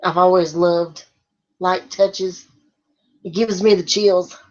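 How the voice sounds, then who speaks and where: Slow-talking giggly woman vlogger. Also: on the low side, fairly even intonation, darkish tone, muffled recording. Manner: giggly, breaks into laughter often. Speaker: vlogger answering viewer questions. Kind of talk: casual Q&A chat.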